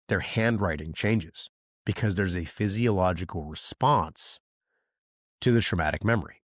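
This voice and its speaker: A man's voice: sits low, no echo, clean studio sound. A male podcast host giving casual, emphatic advice, repeating himself and checking in with frequent okays. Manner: emphatic and repetitive, with many okays and likes.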